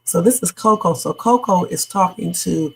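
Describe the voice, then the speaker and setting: A woman's voice: fairly low pitch, moderate pace, vocal fry, rough recording. A woman hosting a casual reaction livestream, giving blunt opinions and talking directly to her chat. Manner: chatty, opinionated, talks to the chat. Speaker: livestream host reacting to sketches.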